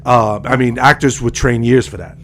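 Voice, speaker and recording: A man co-hosting a podcast, talking casually about horror movies and getting animated when he quotes scenes. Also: medium pitch, normal speed, a little hiss or hum. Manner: animated, quotes lines with playful emphasis. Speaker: podcast co-host. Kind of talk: casual chat.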